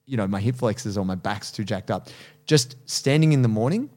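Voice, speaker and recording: A man's voice: fairly low pitch, animated, brisk, a little mellow. A man hosting a casual podcast, talking animatedly about jiu-jitsu coaching, laughing often and swearing casually.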